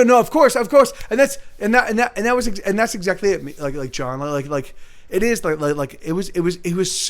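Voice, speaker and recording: A man talking in a rambling, profane monologue, restarting his sentences and answering chat readers by name as a livestream host. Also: sits high. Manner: profane, repetitive, restarts often.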